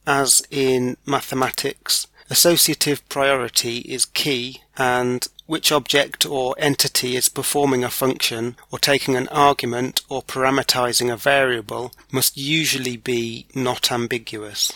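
A man hosting a solo podcast, talking in a measured, wry and thoughtful way. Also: medium pitch, steady tone, bright, forceful tone, no room sound. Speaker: podcast host. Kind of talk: reflective solo podcast monologue.

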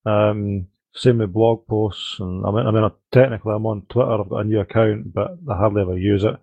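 A man's voice: lowish voice, steady tone, fairly quick, creaky, breathy edge, dry recording, phone-quality sound. A man co-hosting a podcast in casual chat, rambling and breaking off his own sentences with ums. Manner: rambling, self-interrupting with ums. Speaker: podcast co-host.

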